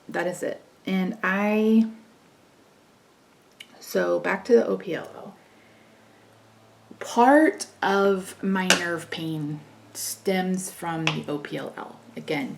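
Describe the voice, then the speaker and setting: A woman's voice: fairly low pitch, gravelly, darkish tone, slight background noise. A woman vlogger chatting casually while doing her makeup, telling stories and acting out what people said. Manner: chatty storytelling, frequent laughs, acts out dialogue. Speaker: beauty vlogger. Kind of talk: casual get-ready-with-me chat. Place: home, indoors.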